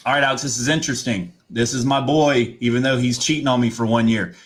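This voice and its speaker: A man co-hosting a casual football talk show, opinionated and rambling as he lays out his take. He talks in an animated, loose way. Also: mid-range voice, quick pace. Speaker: podcast co-host.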